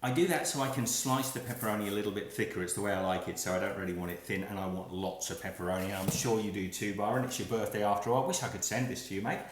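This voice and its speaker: A man's voice: lowish voice, steady tone, fast talker, hardly any pauses, slight background noise. Chatty man cooking live, echoey. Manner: chatty, laughs at his own slip-ups. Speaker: cooking livestream host. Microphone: phone on a small tripod.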